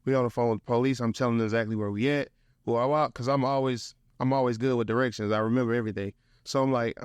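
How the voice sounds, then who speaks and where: Fast-talking and clear, with a resonant mid-range tone, this young man from St. Louis tells a casual story as a guest motivational speaker. He's animated and slangy, repeatedly saying "bro," and the recording is close and dry with no room echo.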